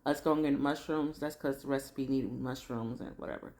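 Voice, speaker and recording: A woman's voice: a bass voice, animated, moderate pace, darkish tone. A woman chatting through a casual, slangy recap of a TV drama episode. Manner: chatty slangy storytelling, acts out characters.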